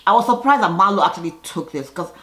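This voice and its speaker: A woman's voice: lowish voice, lively intonation, fast talker, a bit bright. A woman giving a casual recap of a reality TV episode, with sassy commentary and a habit of acting out the cast's lines in voices. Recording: roomy echoey room.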